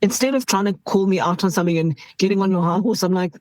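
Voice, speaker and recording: A woman's voice: fairly low pitch, fast talker, hardly any pauses, a little mellow, no room sound, poor audio. A middle-aged woman from South Africa, an emergency doctor, telling candid stories in an interview and laughing as she goes.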